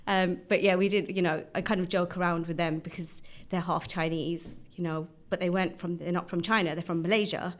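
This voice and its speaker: Podcast guest: chatty woman, 30s, lowish voice, laughs a lot. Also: fairly even intonation, brisk, hardly any pauses. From Birmingham, England. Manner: laughs often, chatty anecdotes. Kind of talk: casual chat.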